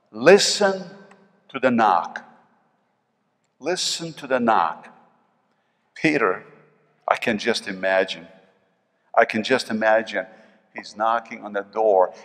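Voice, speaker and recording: An older man with a New York accent preaching a sermon as pastor, swinging between loud emphasis and soft asides. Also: a little high. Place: church sanctuary. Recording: long reverb of a church hall.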